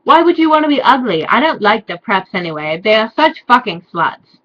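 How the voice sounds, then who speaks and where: A woman's voice: a little high, big pitch swings, fairly quick, lo-fi sound. A woman voicing a lovesick, dramatic teenage boy with breathless, gushing declarations. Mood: scornful.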